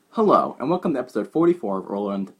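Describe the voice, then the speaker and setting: Giggly low-voiced woman podcast host. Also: big pitch swings, fast talker, noisy background. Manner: giggly, keeps fumbling the intro. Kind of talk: casual chat.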